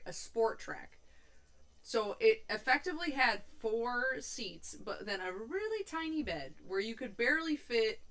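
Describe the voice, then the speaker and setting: A woman's voice: medium pitch, fairly bright tone. A young woman hosting a casual cooking livestream, chatting and rambling loosely with her viewers and swearing casually. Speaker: livestream host.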